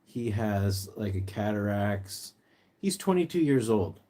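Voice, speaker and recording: A man hosting a casual livestream, chatting and reading viewer comments aloud, sometimes jumping into a high sing-song voice to coax his pet bird. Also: very animated, a little slow, warm tone. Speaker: pet rescue livestream host.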